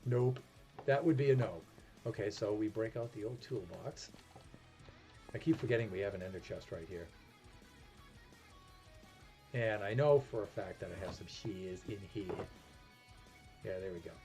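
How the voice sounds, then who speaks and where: Speaking at a normal speed with frequent pauses, a New England-accented streamer offers casual commentary on his game, musing aloud and teasing himself. His voice is lowish and darkish, with music in the background.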